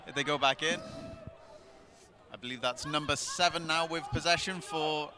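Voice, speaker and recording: A man's voice: on the high side, moderate pace. A man doing live match commentary outdoors with jokey, chatty banter.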